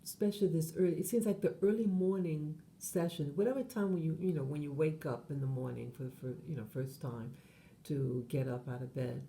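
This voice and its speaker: A woman's voice: low voice, fairly quick, vocal fry, dark tone, slight background noise. A woman hosting her channel, talking in a meandering monologue full of fillers and self-corrections. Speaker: channel host. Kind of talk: rambling monologue.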